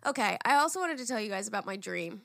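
A young woman co-hosting a podcast, telling stories in a lively, animated way and swearing freely. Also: mid-range voice, quick pace, gravelly, no echo, clean studio sound. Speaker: podcast co-host. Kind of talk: casual chat.

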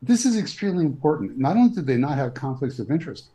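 A man in his sixties from New York, a physician guest giving measured, blunt opinions in an interview. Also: a little high, big pitch swings, warm tone, lo-fi sound. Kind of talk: interview answers.

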